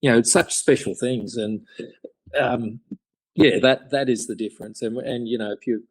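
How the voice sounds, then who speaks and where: A man's voice: mid-range voice, steady tone, normal speed, husky, dry recording, poor audio. Rambling, enthusiastic Australian man. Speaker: podcast guest, craftsman. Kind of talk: casual interview chat.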